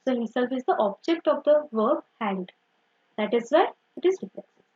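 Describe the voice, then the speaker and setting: Husky-voiced woman teaching grammar. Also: fairly high pitch, animated, moderate pace, a little mellow, muffled recording. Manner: explains step by step, often saying "simple" and "okay". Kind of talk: online grammar lesson.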